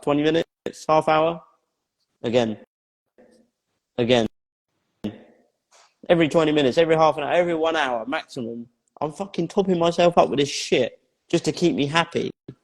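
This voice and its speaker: A man, a life coach being interviewed, recounts his story in a blunt, plain-spoken way, swearing freely and hammering points home through repetition. His voice sits at an ordinary male pitch, and a long reverb tail hangs after each phrase as if he is in a large, hard room. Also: darkish tone.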